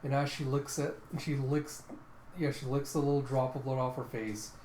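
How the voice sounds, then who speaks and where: A man walks through a comic page by page in a loose, rambling play-by-play. His pitch sits in the ordinary male middle, and the room adds a noticeable echo with a faint hiss. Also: level tone, normal speed, a little mellow. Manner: casual, rambling play-by-play with fillers. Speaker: comic readthrough host. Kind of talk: casual comic narration.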